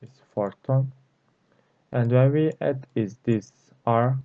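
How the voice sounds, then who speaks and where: Male language teacher, first language Turkish, very slow and halting, tinny phone-like audio. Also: mid-range voice, mellow, dry recording. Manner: slow, halting delivery, repeating each word several times. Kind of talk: explanatory language lesson.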